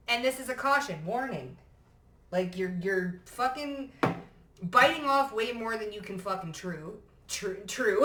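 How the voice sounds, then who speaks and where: A woman's voice: medium pitch, animated, unhurried, pushed and bright, far from the mic. A woman giving a casual tarot card reading to camera in a blunt, profane and emphatic way. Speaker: psychic tarot reader. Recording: echoey room.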